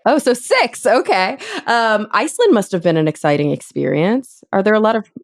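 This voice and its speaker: A woman's voice: mid-range voice, sing-song, moderate pace, dry recording, studio quality. A woman from Texas hosting a casual podcast interview, upbeat and laughing often. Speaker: podcast host.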